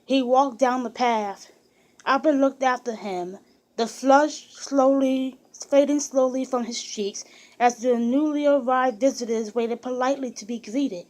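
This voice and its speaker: A woman reading a biography aloud in a steady, even storytelling manner with occasional restarts. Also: high-pitched, a little slow, rough recording. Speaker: narrator.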